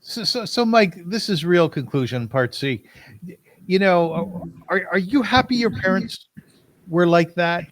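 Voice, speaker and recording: A man's voice: high voice, animated, a little slow, no echo. A man hosting an interview podcast, speaking in an earnest, encouraging way. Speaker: podcast host.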